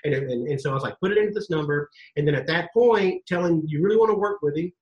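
A man telling stories in a casual podcast interview as a guest coach, animated, acting out quotes and swearing casually. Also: fairly high pitch, quick pace, muffled recording.

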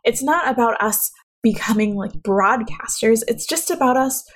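A woman's voice: on the high side, expressive, moderate pace. Woman giving friendly speaking tips. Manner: conversational, coaching the listener directly. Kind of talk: instructional talk.

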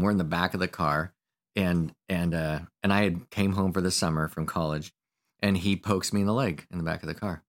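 Deep-voiced male podcast co-host. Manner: relaxed storyteller, acts out family anecdotes. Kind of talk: casual conversational podcast talk.

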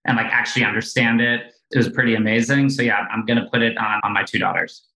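A man answers quick questions in a relaxed, chatty style, full of casual fillers. His voice is bright. The room around him sounds roomy and echoey. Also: fairly low pitch, gravelly. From South Africa. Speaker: guest, venture investor. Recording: roomy echo.

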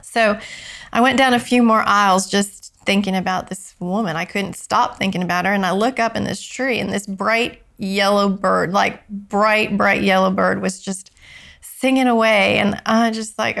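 A woman guest on an interview show, slowly and softly telling a personal story, her voice dropping low and tearful when moved. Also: fairly even intonation, gravelly.

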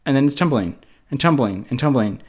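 A man's voice: mid-range voice, lively intonation, brisk, slightly rough. A man in his thirties, a podcast co-host, telling a story in casual movie chat and acting out his own reactions.

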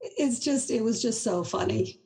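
A middle-aged woman from Boston, a guest telling travel stories. She talks in an animated, chatty way and laughs often as she goes. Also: a little high, a little slow, gravelly, poor audio. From Boston, USA. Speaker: inventor, guest. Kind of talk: casual interview storytelling.

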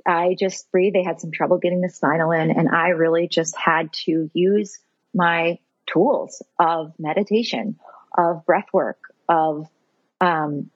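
A woman's voice: fairly low pitch, husky, dry recording, lo-fi sound. A woman in her thirties, a podcast guest, telling a personal story in an earnest, heartfelt, self-reflective way.

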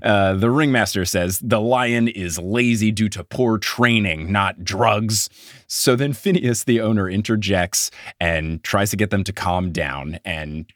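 A man hosting a comedy podcast, telling a mystery story in a casual, animated way and laughing often. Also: lowish voice, a little slow, no echo, clean studio sound. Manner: animated, laughs often, puts on silly voices. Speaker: podcast host.

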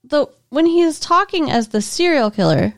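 A woman's voice: high voice, big pitch swings, moderate pace, no echo. Dry-voiced woman chatting casually. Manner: casual, blunt, groans in disgust. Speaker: podcast co-host. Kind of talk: casual movie discussion.

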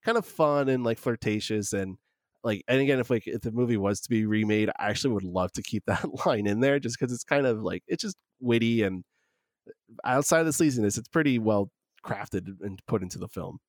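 A man with a fairly low voice talks through a film scene in a relaxed, rambling way. He leans on filler words as he thinks. The recording is dry and close. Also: a little fast, no echo. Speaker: film discussion co-host. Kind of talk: casual film discussion.

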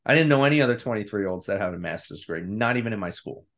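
A man in his thirties, a podcast guest, telling a personal story in a candid, animated way and acting out his own inner voice. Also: lowish voice, racing. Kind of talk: casual storytelling.

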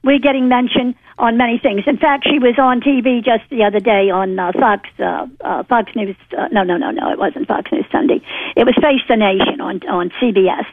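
A woman's voice: on the high side, brisk, dry recording. Fired-up woman caller from new orleans rambling on, tinny phone sound, dry. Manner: indignant, rambling with fillers. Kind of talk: call-in talk radio. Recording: phone line.

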